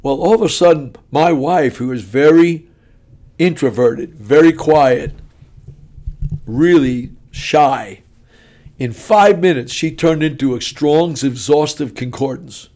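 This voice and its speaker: A man preaching his personal testimony in a warm, mellow voice. He tells the story in an animated, folksy style, punching each beat like a seasoned storyteller before a congregation. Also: fairly high pitch, takes it slowly.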